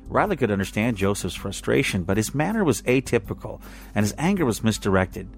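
A man's voice: fairly low pitch, big pitch swings, a little fast, creaky, soft background music. A man narrating a science fiction story aloud. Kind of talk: reading fan fiction aloud.

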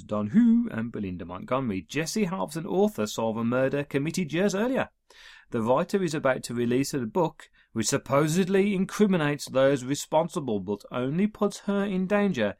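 A man with a mid-range voice casually reads through an episode guide, adding wry asides and small chuckles. The sound is clean studio audio with no room sound.

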